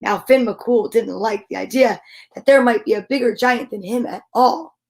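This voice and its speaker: A woman's voice: on the high side, moderate pace, vocal fry. A woman hosting a children's storytime, reading a storybook aloud playfully and animatedly, with chatty asides. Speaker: storytime host.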